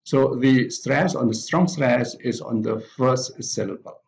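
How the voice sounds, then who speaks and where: A man teaching an English pronunciation lesson, reading out example words one by one with pauses between them. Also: mid-range voice, gravelly, a little mellow, slight background noise, rough recording. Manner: deliberate, pausing after each example word. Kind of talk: slow spoken lesson reading word lists.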